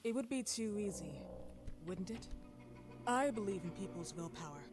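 An actress playing a composed female doctor who answers in a calm, measured way. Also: mid-range voice, lightly acted. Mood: cool. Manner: calm, measured, cool replies.

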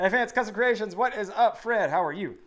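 A man's voice: sits high, lively intonation, a little fast, noisy background. A man in his thirties co-hosting a live stream, reading viewer comments aloud in an upbeat, joking way. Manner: upbeat, reads comments aloud, hums while scrolling. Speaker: co-host.

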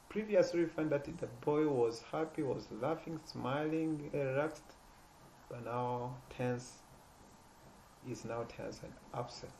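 Halting man teaching a poetry lesson. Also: a little mellow, slight background noise, rough recording. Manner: halting, repeats and restarts words, stresses words with rising pitch. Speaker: literature teacher.

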